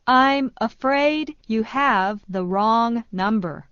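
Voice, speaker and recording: Very slow woman reading English phrases. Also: on the high side, clean tone, no echo. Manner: slow, even repetition of each phrase. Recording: dull dry studio sound.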